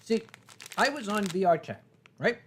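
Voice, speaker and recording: A man's voice: high voice, animated, moderate pace, fairly bright tone, slight background noise. A man hosting a livestream, tipsy from sake, chatting casually and chuckling as he reads out viewer messages and donations. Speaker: livestream host. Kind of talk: casual chat.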